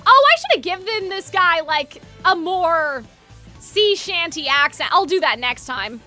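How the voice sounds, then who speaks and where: A woman's voice: very high voice, expressive, unhurried, sharp tone, soft background music. A woman streamer giving casual, joking commentary while playing a game, chatty with filler words.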